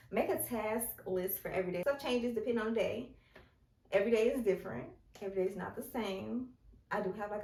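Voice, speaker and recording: A woman's voice: mid-range voice, darkish tone, slight background noise. A young woman vlogger talking through self-improvement tips in a casual, chatty way, full of "like". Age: young adult. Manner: chatty and conversational, heavy use of filler "like". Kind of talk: casual advice talk to camera. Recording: roomy and distant from the mic.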